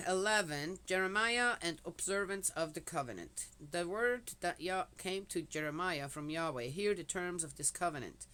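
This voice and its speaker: An older woman with a bright, forward voice talks casually to her camera in a rambling, chatty way. She wanders from one thought to the next and keeps dropping in small affirming asides before settling into Bible commentary. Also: on the low side, clear, resonant tone. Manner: meandering, chatty, frequent "yes" and "anywho" asides. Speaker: vlogger.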